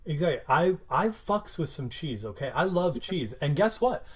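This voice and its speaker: A man's voice: a little high, very animated, moderate pace, husky. A man co-hosting a podcast in casual recap chat, emphatic and slangy, swearing for laughs. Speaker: podcast co-host.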